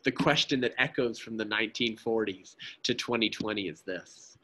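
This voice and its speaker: A man's voice: lowish voice, fairly bright tone. A man giving an impassioned pro-life talk at a church, speaking emphatically, often asking "right?" and addressing the listeners as friends.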